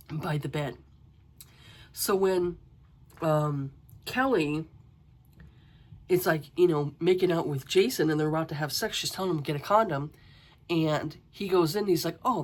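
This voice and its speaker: A woman giving a casual, exasperated book review, ranting with swearing and rhetorical questions. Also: low-pitched.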